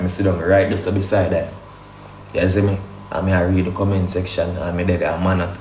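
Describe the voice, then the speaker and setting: Deep-voiced Jamaican man ranting. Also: darkish tone, slight background noise. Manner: defensive, insistent, peppered with rhetorical questions. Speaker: livestreamer defending family. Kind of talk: heated casual rant. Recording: echoey room.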